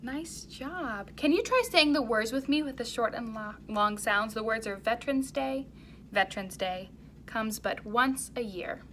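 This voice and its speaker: A woman's voice: fairly high pitch, a little hiss or hum. A woman teaching a music lesson to young children, leading them in chants and songs with plenty of encouragement. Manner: warm encouraging, slow and clear, sings and chants along.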